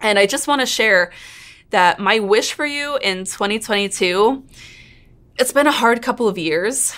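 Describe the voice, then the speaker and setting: A woman in her thirties hosting her own real estate coaching channel, talking earnestly and openly to camera, quick to get emotional. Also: medium pitch, fairly bright tone. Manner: earnest, open and emotional, laughs and nearly cries. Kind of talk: intro narration then casual one-on-one chat to camera.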